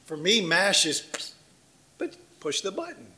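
A man's voice: sits high, sing-song, takes it slowly, bright, forceful tone. A man from Washington, D.C., a missionary giving a conversational church talk, telling anecdotes, acting out little exchanges and asking the congregation questions.

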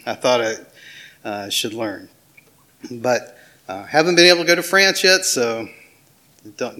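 Middle-aged male pastor, Southern accent, relaxed conversational sermon, ordinary pitch. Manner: casual, self-deprecating, with small laughs and restarts.

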